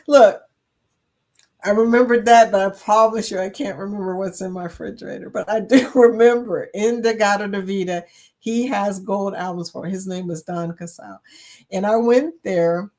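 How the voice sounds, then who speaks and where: A woman's voice: on the low side, darkish tone. A woman hosting a live stream, chatting casually with viewers and laughing often as she reads their comments. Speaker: livestream host.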